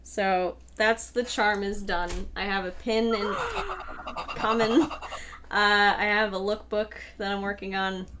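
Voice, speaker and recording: A woman's voice: mid-range voice, flat delivery, unhurried. Woman host, casual livestream chat, rambling and upbeat, a faint hiss behind her. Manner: chatty, rambling with fillers and laughs. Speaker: host and creator of the audio drama.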